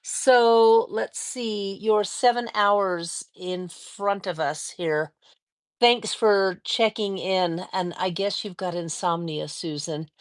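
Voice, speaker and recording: A woman from the American Mountain West hosts a casual quilting livestream from her home studio, chatting and greeting viewers by name. Her medium-pitched voice has fairly even intonation, and she takes it slowly.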